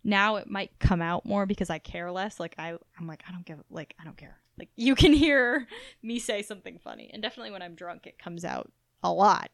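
A woman's voice: medium pitch, fairly quick, no room sound, clean studio sound. A young woman from Missouri with a faint Southern Midwestern twang, co-hosting a podcast as a casual chat with many fillers. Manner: chatty, many fillers, animated. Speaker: podcast co-host.

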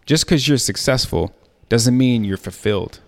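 A man hosting a casual interview, encouraging his guest and reading quotes slowly for emphasis. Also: medium pitch, expressive, long reverb tail. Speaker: podcast host.

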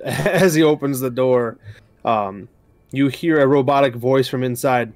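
A man running a tabletop game as game master, relaxed and hesitant with frequent ums. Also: medium pitch, measured pace, no room sound.

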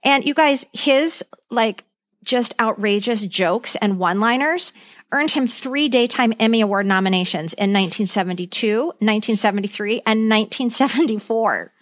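A woman's voice: on the high side, moderate pace, dry recording, clean studio sound. A woman co-hosting a podcast, chatting enthusiastically and reading out lists of trivia. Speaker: podcast co-host. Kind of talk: casual chat.

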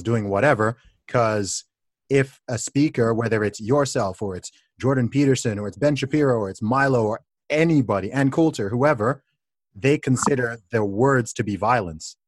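A man's voice: mid-range voice, no echo. A man hosting a casual conversation, explaining his views emphatically with frequent restarts.

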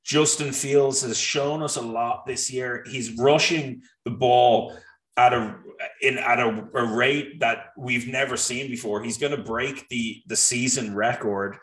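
A man's voice: medium pitch, measured pace. A man co-hosting a sports betting show, talking picks and stats with frequent restarts. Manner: animated, restarts often, talks through stats. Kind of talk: casual sports betting chat. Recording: roomy echo.

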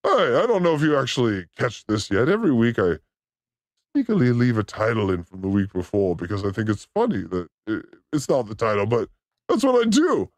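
A man hosting a livestream, reacting to clips with crude, excitable jokes. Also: mid-range voice, a little fast, no room sound. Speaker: show host reacting to clips. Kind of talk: livestream clip commentary.

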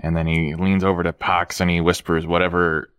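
A man's voice: sits low, level tone, brisk, fairly bright tone, clear, resonant tone, no room sound. A man playing a tabletop game, narrating his character's moves with laid-back, dry humor. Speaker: player.

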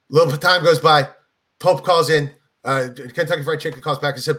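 A middle-aged man spins a comic anecdote in relaxed conversation, slipping into voices for the people in it. His voice sits high and has a bright edge. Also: moderate pace. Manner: animated storyteller, acts out voices in anecdotes. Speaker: comedian guest. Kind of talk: casual storytelling chat.

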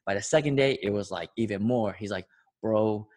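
A man hosting a podcast tells a long, rambling story at a fast clip, swearing a lot and laughing often. His voice is fairly low and a little mellow, in a casual storytelling style.

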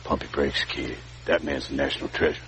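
An actor playing a self-serious male method actor in a film comedy, gruff and lecturing. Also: extremely low pitch, fairly even intonation, a little fast, noisy background. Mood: scolding. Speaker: film character.

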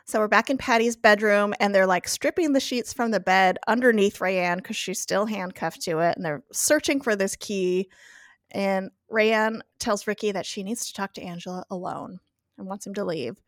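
A woman's voice: mid-range voice, moderate pace, no echo, studio quality. Laughing woman recapping a show. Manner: animated, acts out quotes, laughs often. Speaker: podcast guest recapping an episode. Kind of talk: casual recap chat.

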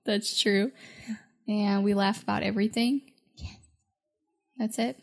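A woman's voice: medium pitch, steady tone, slow, vocal fry. A woman guest on a casual podcast chat who gives short, laid-back answers and giggles easily.

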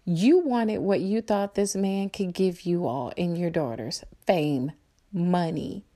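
A middle-aged woman with a dark, gravelly voice delivers a heated solo podcast rant. She talks bluntly and angrily and swears freely, pressing every point hard. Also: fairly low pitch, slow pace. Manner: blunt, angry, profane ranting. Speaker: podcast host.

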